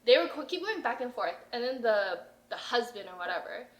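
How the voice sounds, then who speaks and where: In a roomy, echoing recording, a young podcast host tells stories in casual conversation, full of energy, cursing freely and performing other people's lines. Her pitch is fairly high, her delivery sing-song and a little fast.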